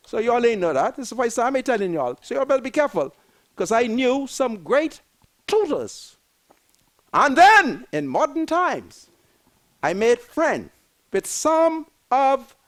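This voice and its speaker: Older Bahamian man, very high and swooping voice, fiery repetitive political commentator. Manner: emphatic, repetitive, preachy.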